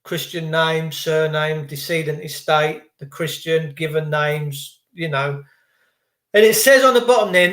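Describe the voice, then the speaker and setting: Brief: a male streamer, jokey and conspiratorial, with a fairly high voice and a roomy echo. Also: a little slow, fairly bright tone. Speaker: livestream vlogger. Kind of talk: rambling live-stream monologue.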